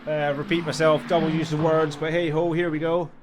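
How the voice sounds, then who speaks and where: A man giving live sim racing commentary, chatty and apologetic, tired and yawning, with sudden excited yelps. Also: fairly high pitch, fairly quick, background noise. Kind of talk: live esports race commentary.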